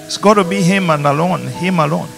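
A pastor with a Ugandan accent preaching a passionate sermon in a church, rising to emphatic peaks. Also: male voice, high-pitched, a little fast, vocal fry. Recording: music playing behind.

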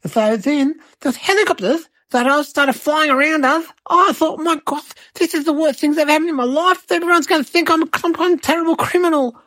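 Woman doing a cheeky eight-year-old boy, high-ish and rambling, dry close sound. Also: fairly quick, few pauses, a bit bright, no room sound. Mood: excitable. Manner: rambling, breathless, childlike exaggeration. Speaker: host. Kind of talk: comic storytelling monologue.

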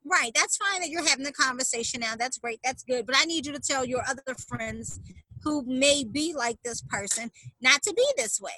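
High bright-voiced woman, emphatic storyteller. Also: normal speed, low-quality recording. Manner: emphatic, re-enacts quotes with rising intensity. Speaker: dog trainer, guest. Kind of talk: animated storytelling in interview.

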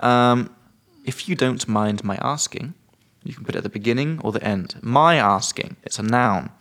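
A man's voice: mid-range voice, normal speed, a bit bright. A man hosting a casual podcast, teaching vocabulary with jokes and casual swearing. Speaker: podcast host and English teacher.

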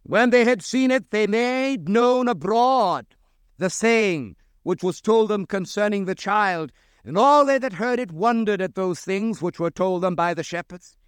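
A man's voice: high voice, expressive, unhurried, clean tone, no echo. A male preacher delivering a radio sermon, earnestly pressing rhetorical questions and quoting scripture in old English.

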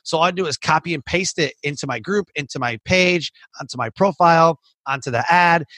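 A man who runs a podcast talks in a loose, rambling flow, stringing thoughts together with "like" and restarts. His voice is bright, somewhat high and husky. The recording is dry and close. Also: brisk, no echo. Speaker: podcast host and coach. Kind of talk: casual interview chat.

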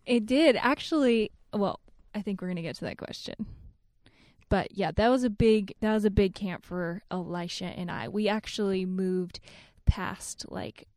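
A young adult woman co-hosting a casual chat with her husband, telling stories in a giggly, animated way with many "like"s. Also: medium pitch, moderate pace, no room sound, studio quality. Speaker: podcast co-host.

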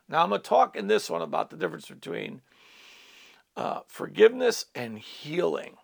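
A middle-aged male pastor tells a personal testimony to listeners in an earnest storytelling manner. His fairly high voice is heavily gravelly and swings widely up and down as he speaks. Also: huge pitch swings, moderate pace. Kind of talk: personal testimony in a teaching talk.

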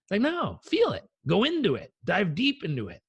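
A man on a podcast telling personal stories in an animated way, acting out the voices in them. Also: high-pitched, normal speed, gravelly, slightly rough, dry recording, muffled recording. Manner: animated, acts out quotes. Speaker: guest. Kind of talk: conversational storytelling.

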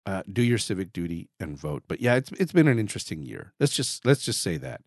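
A man in his forties hosting a casual podcast, with a raspy throat, talking in a chatty way, repeating words and cracking small jokes about himself. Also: deep voice, very animated, a little fast, no echo, clean studio sound. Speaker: podcast host.

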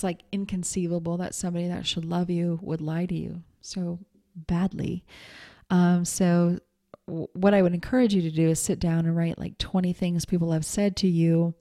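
A woman's voice: lowish voice, warm tone. A middle-aged woman giving a candid, chatty self-help talk as a coach, with plenty of ums.

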